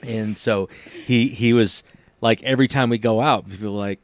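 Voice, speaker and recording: A man hosting a podcast, chatting casually and animatedly, acting out quoted lines in a higher voice. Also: normal speed, no echo. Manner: animated storyteller, acts out quotes in a high voice. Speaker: podcast host. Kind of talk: casual chat.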